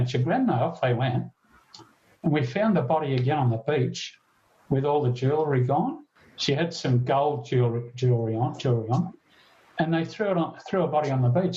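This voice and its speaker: Interviewed on a podcast, a retired Australian police detective in his later years recounts a story earnestly, halting and restarting frequently. His voice is mellow and medium-pitched, and the recording's highs are cut off.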